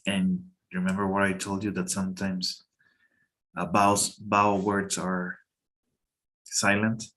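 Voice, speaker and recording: Male teacher, low-ish pitch, casual halting classroom delivery. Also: completely flat delivery, a bit bright. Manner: halting, checks in with students often. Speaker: English teacher.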